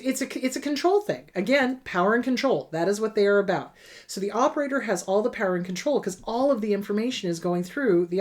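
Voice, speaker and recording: A middle-aged woman therapist answering viewer questions in a blunt, emphatic advice talk, sometimes mocking abusers in put-on voices. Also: medium pitch.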